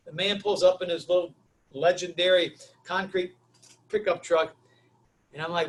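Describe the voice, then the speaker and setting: A man's voice: sits high, moderate pace. A man giving a webinar talk, telling stories animatedly and acting out the dialogue. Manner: lively, acts out quoted dialogue, Southern "y'all". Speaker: webinar speaker.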